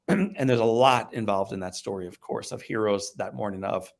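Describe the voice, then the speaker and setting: A man from the American Midwest, a guest speaker, telling a personal story in an animated way that swings between loud outbursts and hushed tones. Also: on the low side, moderate pace, vocal fry.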